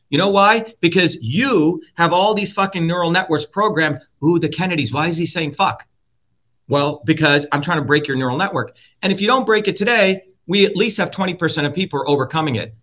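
Forceful, profane man with a bright voice. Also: a little high. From India. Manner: forceful, blunt, profane, repeats points. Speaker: guest, presidential candidate. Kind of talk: heated interview talk. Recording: dull lo-fi audio.

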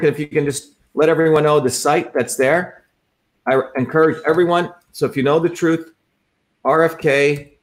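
Fiery man rallying his supporters. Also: fairly high pitch. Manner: repetitive, rallying and combative. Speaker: political candidate. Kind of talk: livestream campaign talk.

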